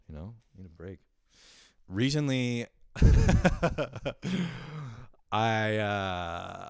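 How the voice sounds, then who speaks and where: A young man with a low, smooth voice talks through a loose, profane podcast monologue. He rambles, pokes fun at himself and laughs often. The sound is close and dry. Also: no echo. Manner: rambling, profane, self-deprecating, with frequent laughs. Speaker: podcast host. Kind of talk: casual solo podcast monologue.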